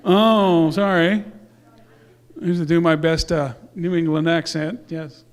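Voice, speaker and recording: Chatty high-voiced man announcing awards. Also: steady tone, unhurried. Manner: chatty, rambling, with fillers and self-corrections. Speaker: church speaker presenting youth awards. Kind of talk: casual announcements to a congregation.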